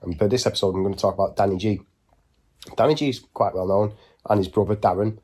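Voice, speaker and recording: Man in his 40s, low voice, husky, blunt rambling storyteller. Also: fairly even intonation, fast talker, dark tone. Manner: blunt, rambling, matter-of-fact. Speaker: former prisoner telling stories. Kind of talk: casual spoken storytelling.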